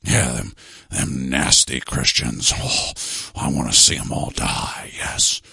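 A man voicing a sly male serpent tempter in whispered role-play, hissing and whispery, low and coaxing. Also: normal speed, no room sound, studio quality, natural voice. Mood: gloating.

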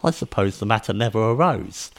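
A man's voice: on the low side, animated, a little fast. A man reading aloud and voicing a prim, easily shocked elderly lady who talks stiffly and sounds flustered. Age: older.

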